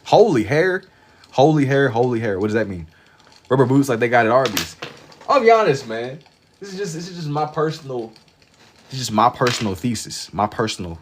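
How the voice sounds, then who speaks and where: A man's voice: medium pitch, a little hiss or hum. A sleepy man chatting casually and rambling on a livestream as he draws, with a drawling, meandering manner and lots of repetition. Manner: drawling, meandering, slangy, repeats himself. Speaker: livestream artist. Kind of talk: casual rambling chat while drawing.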